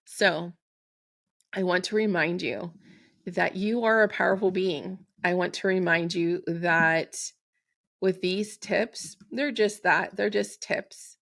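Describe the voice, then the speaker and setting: A woman hosting a solo spiritual podcast, speaking in a gentle, affirming way and slowing down to recite intentions. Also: on the low side, creaky. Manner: slow and deliberate when reciting an intention. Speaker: podcast host and Reiki practitioner.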